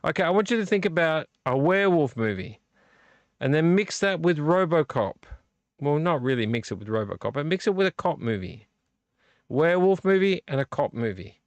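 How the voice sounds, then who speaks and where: A man's voice: a little high, sing-song, normal speed, dry recording, highs cut off. A man hosting a late-night live video stream, rambling and teasing a viewer by name while a little tipsy from drinking. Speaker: vlog host.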